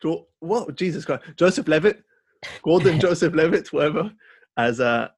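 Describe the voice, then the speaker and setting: A man co-hosting a podcast, chatting casually and rambling through an animated story with lots of fillers. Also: a little high, moderate pace, breathy edge, dry recording. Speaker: podcast co-host. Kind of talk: casual film chat.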